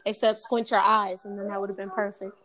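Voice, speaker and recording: A woman's voice: medium pitch, flat delivery, brisk. A woman co-hosting a podcast, chatting casually while watching a movie, often laughing, blunt and profane. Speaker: podcast co-host.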